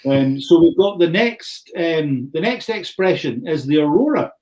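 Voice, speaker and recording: A man's voice: fairly high pitch, expressive, a little slow, darkish tone. A middle-aged man from the far north of Scotland with a Scottish accent, presenting an online whisky tasting in a chatty, rambling way and often restarting his phrases. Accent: Scottish, far north (Caithness). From Thurso, north of Scotland.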